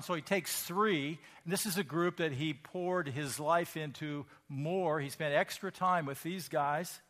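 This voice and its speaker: A man's voice: a little high, fairly bright tone. A male pastor preaching a sermon in a conversational, emphatic way, asking the congregation questions.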